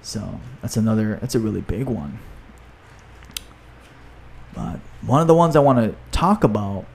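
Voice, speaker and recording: A man who coaches fitness and runs a gym, talking in a casual podcast chat. He talks in an upbeat way, with quick runs full of fillers. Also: on the low side, animated, vocal fry, darkish tone, a little hiss or hum. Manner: upbeat, talks fast with many fillers, reads aloud from his own book.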